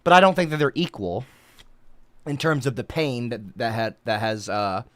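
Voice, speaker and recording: A woman livestreamer in a comedic rant, indignant and breaking into shouted outbursts. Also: extremely low pitch, moderate pace, no room sound.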